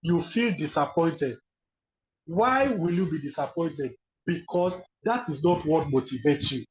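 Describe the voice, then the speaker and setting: A man with a Nigerian accent giving an animated webinar lecture, often acting out the people he quotes. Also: fairly high pitch, measured pace, echoey room. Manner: animated, acts out quoted speakers. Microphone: video call. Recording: dull lo-fi video call audio.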